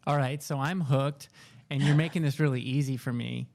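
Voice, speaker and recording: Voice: medium pitch, fairly even intonation, normal speed, creaky, a little mellow. A podcast host asking a guest questions in a playful, joking way. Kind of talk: casual interview.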